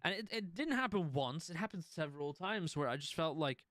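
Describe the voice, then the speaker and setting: On a studio-quality, dry recording, a man with a fairly high, bright voice talks fairly quickly with lively intonation. He's streaming and chatting casually about things he's experienced, restarting often and dropping the odd swear word.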